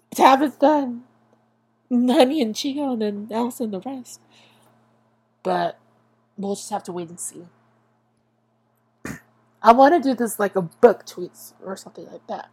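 A woman's voice: mid-range voice, husky. A young woman hosting a podcast, talking in a rambling, self-interrupting way that often stops and restarts, swearing freely, her voice tired and strained. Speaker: podcast host. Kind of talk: casual monologue about TV.

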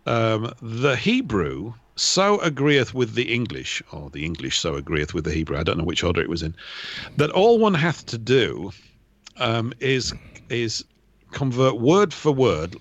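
Lively fast-rambling male radio guest. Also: lowish voice. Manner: fast, rambling, animated talker. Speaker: regular guest. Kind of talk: casual radio talk. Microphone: remote call line.

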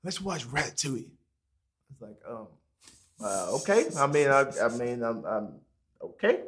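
A young man telling a long story to friends in a casual chat. He swears freely, mumbles his asides and jumps into high squeaky voices when he quotes himself. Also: very animated, moderate pace.

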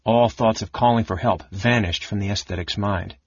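A man reading a fantasy novel aloud as narrator, in an even, measured way. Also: on the low side, husky, no room sound, highs cut off. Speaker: audiobook narrator.

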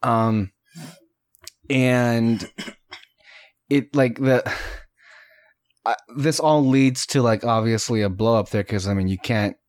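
A man chatting on a podcast with loose, profanity-laced storytelling, acting out bits of scenes as he goes. His voice sits at a middling pitch and sounds close and dry, with almost no room around it. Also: slow, long pauses, no room sound. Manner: swears a lot, retells scenes in mock voices. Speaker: podcast co-host. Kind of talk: casual chat.

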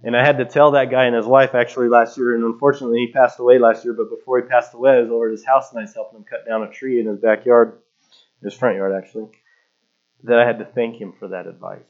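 A man's voice: mid-range voice, flat delivery, quick pace. A man in his thirties preaching a sermon as a pastor, talking conversationally and telling stories with casual fillers. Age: 30s. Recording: dull lo-fi recording.

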